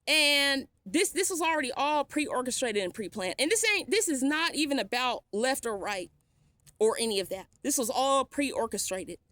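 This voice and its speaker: A woman's voice: high voice, lively intonation, moderate pace, a bit bright, dry recording. A woman vlogging a defiant, sarcastic rant, blunt and swearing freely. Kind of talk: ranting vlog monologue.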